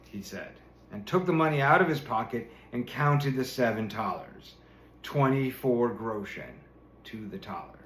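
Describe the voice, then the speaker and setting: A man's voice: mid-range voice, lively intonation, a little slow, a bit bright, slight background noise. A man reading a fairy tale aloud, chuckling now and then as he narrates. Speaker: storyteller. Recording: roomy echo.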